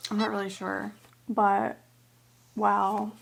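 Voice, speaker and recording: Young woman book vlogger, chatty and gushy, lots of "like", sometimes goes soft and whispery. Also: medium pitch, monotone, slow, vocal fry, slight background noise. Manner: gushing, chatty, many "like" fillers. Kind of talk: casual chat.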